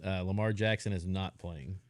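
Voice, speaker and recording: A man's voice: low-pitched, fairly even intonation, normal speed, no room sound, clean studio sound. A man co-hosting a casual podcast, bantering about sports in a laid-back way. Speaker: co-host.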